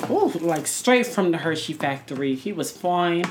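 Lively, expressive woman podcast co-host. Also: lowish voice, moderate pace, a little hiss or hum. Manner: animated gossipy storytelling with frequent slang and swearing. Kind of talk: casual chat.

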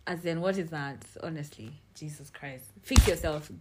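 A woman's voice: deep voice, moderate pace, noisy background. Blunt woman podcast host. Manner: blunt, frank and animated, swears freely. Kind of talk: casual chat.

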